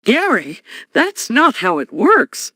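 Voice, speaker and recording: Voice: mid-range voice, wildly swooping pitch, slow pace, sharp tone, no room sound, studio quality, full character voice. A text-to-speech voice playing an exasperated cartoon character who scolds a pet. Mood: scolding.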